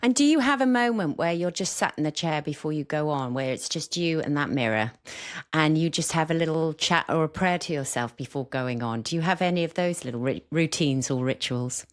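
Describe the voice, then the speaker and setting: Low-voiced woman podcast host. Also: expressive, a little fast. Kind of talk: podcast interview.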